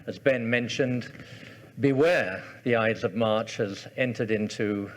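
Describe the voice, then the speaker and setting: A man giving a history lecture to an audience, soft-spoken, genial and digressive. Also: fairly low pitch, slow pace, slight background noise. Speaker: guest lecturer. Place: lecture hall before an audience.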